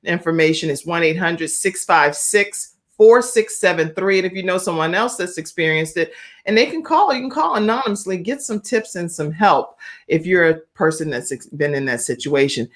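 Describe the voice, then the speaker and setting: Woman, talk show host, chatty, live online broadcast, animated emphasis. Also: lowish voice, moderate pace. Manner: chatty, reads viewer comments aloud with animated emphasis.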